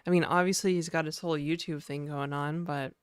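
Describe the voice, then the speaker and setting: A man's voice: fairly high pitch, steady tone, a little fast, clear, resonant tone, no room sound, clean studio sound. Chatty young man, slightly nasal. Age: young adult. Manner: chatty and rambling, greeting viewers by name. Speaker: livestreamer and game developer. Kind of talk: casual livestream chat.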